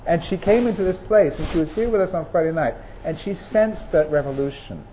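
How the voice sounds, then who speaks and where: Pastor preaching, earnest and emphatic; fairly high, mellow male voice; slightly muffled, faint hiss. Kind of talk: sermon. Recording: muffled recording with faint noise.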